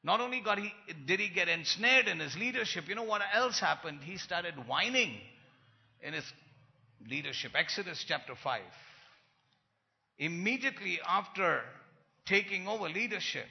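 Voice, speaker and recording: A man preaches with lively, swelling emphasis, his slightly high voice carrying a gravelly fry. He acts out the complaints he quotes. The sound is a little muffled and rings with a long hall reverb. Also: normal speed. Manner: animated, rising to loud emphasis and acting out quoted complaints. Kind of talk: sermon.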